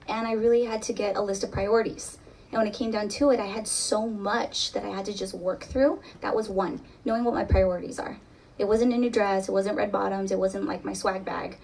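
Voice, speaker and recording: A woman's voice: mid-range voice, steady tone, fairly quick, creaky, a little mellow, distant mic, slight background noise. A woman therapist speaking on a live podcast panel, candid and humorous, laughing often.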